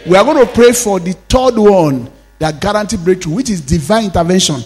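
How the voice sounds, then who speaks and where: Man, pastor, high voice, fervent sermon, prayer chanting, long hall reverb. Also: lively intonation, moderate pace, darkish tone, breathy edge. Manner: fervent, chanting prayers and leading the congregation in declarations.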